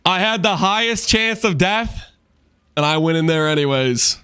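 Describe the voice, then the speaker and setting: High bright-voiced young man streaming. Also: lively intonation, moderate pace, clear, resonant tone, dry recording, clean studio sound. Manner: theatrical storyteller, repeats "okay?" for emphasis. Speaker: game streamer. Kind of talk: casual live-stream chat.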